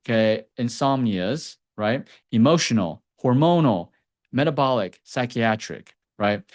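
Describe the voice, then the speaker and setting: A man who runs a clinic, teaching about sleep problems in a lively explainer style. He keeps checking in with his viewers by saying "okay?" and "right?". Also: medium pitch, unhurried. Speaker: acupuncturist and clinic owner. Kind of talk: educational health explainer to camera. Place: Texas clinic.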